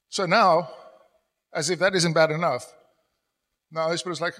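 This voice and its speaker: A middle-aged man preaching a sermon as pastor, telling stories and dropping to a soft, confessional tone when he quotes himself. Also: on the high side, fairly even intonation, normal speed, pauses often. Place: church hall. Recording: long church hall reverb.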